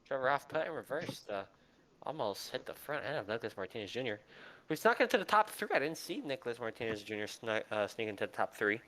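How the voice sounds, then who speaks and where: A man calling a sim race with excitable, joking play-by-play commentary. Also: mid-range voice, fast talker.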